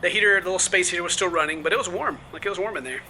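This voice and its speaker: A young man from the southern United States chatting and explaining in a relaxed way on an outdoor porch at night, sometimes dropping to quiet asides. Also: high-pitched, very fast, slight background noise, rough recording. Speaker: vlogger. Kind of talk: casual vlog chat.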